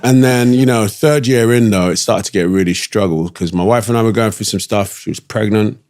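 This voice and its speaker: A man with a London accent, a guest casually telling stories in an animated way, laughing and dropping slang. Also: lowish voice, brisk. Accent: London English. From England. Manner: animated, laughing storyteller who slips in slang. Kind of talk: casual storytelling chat.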